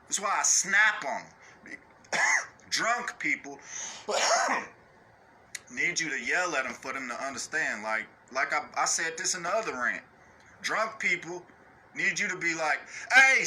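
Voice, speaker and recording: A man's voice: animated, slow pace, sharp tone, a little hiss or hum. A man delivering an unscripted rant in a blunt, profane way, constantly asking "you know what I'm saying". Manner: mocks others in high put-on voices. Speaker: online ranter.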